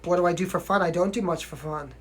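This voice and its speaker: A young singer from New York, with a mild local accent, chats casually on a livestream while answering viewer questions, often laughing and asking "you know what I mean." His voice sits high, a bit bright, and fast, with slight background noise.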